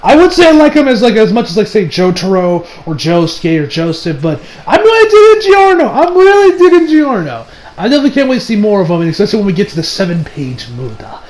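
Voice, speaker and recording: Male reviewer with a high voice: casual, rambling, full of fillers and restarts. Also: sing-song, fast talker, hardly any pauses, a little mellow, low-quality recording. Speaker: anime reviewer. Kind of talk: casual episode recap.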